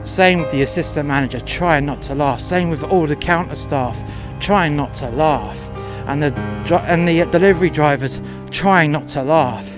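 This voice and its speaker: A man's voice: a little high, moderate pace, hardly any pauses, music in the background. Blunt, profane man telling a story. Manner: crude, confrontational, acts out both sides of dialogue. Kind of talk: first-person storytelling.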